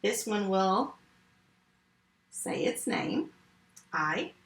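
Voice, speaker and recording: A woman's voice: mid-range voice, expressive, vocal fry, reverberant, rough recording. A woman teaching a remote phonics lesson to first graders, walking through each sound and word step by step with patience. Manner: slow, patient step-by-step instruction.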